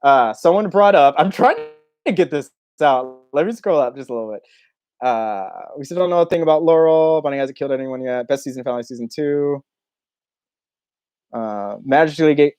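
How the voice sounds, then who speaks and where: A young man hosts a relaxed livestream Q&A with a slightly high-set voice. He chats loosely and reads viewer comments aloud. He breaks into laughter often. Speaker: YouTube host. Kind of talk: casual livestream Q&A chat.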